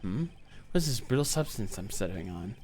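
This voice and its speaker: A man voicing a cool, composed male prosecutor, reading game dialogue aloud in a formal, measured way. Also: on the low side, lively intonation, a little mellow, slight background noise, pitched below the performer's own voice, close to an everyday voice.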